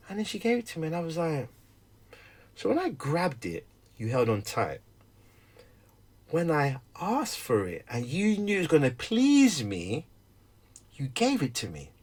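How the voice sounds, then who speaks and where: A middle-aged man tells stories about fatherhood with real animation, his voice climbing high and swinging widely as he acts out both sides of each exchange. His pitch sits a little above most men's. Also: unhurried, long pauses, slightly rough. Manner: animated storyteller, acts out dialogue. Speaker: stay-at-home dad. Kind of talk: candid conversation.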